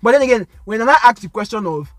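A man's voice: high voice, quick pace, soft background music. A man with a Nigerian accent, co-hosting a podcast in casual, slangy chat that slips into pidgin. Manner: animated, slangy, mixes in pidgin. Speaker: podcast co-host.

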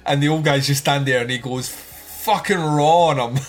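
A man's voice: on the high side, moderate pace. Rambling man reviewing a horror film. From outside the United States. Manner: rambling, frequent fillers and swearing, laughs often. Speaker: podcast co-host. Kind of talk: casual film review chat.

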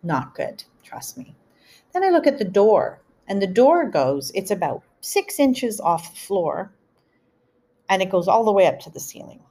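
A middle-aged woman hosting a podcast, telling a family story in an animated, chatty way full of asides. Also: medium pitch, unhurried. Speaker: podcast host. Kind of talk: storytelling monologue.

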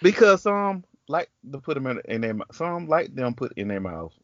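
A man's voice: mid-range voice, very animated, moderate pace, fairly bright tone, no echo, muffled recording. A man with a Southern US country accent hosting a podcast, telling a story in casual chat. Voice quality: chatty, storytelling with quoted voices. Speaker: podcast host.

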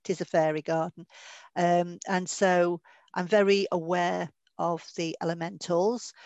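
A woman's voice: fairly low pitch, little pitch movement, a little slow, darkish tone, no room sound, highs cut off. A woman, a medium giving a podcast interview, who tells stories in a chatty, anecdotal way and laughs now and then. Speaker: guest medium.

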